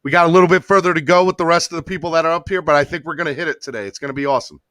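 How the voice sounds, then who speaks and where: A man hosting a casual live sports podcast, excitable and emotional, talking with many fillers and restarts. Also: on the high side, very fast, no echo, clean studio sound. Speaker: podcast host. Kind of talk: casual live-stream chat.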